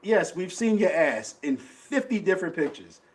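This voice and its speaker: Blunt New man, high voice. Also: animated, normal speed. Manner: blunt, acts out quoted voices. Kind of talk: casual chat.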